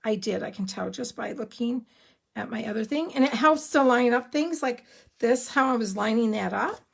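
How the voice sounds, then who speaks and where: A woman giving a live card-making tutorial, chatty and excitable, rambling a little as she works. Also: fairly high pitch, moderate pace, vocal fry, breathy edge.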